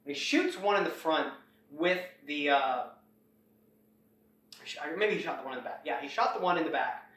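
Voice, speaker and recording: A man's voice: on the high side, moderate pace, long pauses. A man casually retelling a story, rambling along and acting out the characters' lines. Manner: rambling, animated retelling with acted-out quotes. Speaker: host. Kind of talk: casual plot recap. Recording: echoey room, far from the mic.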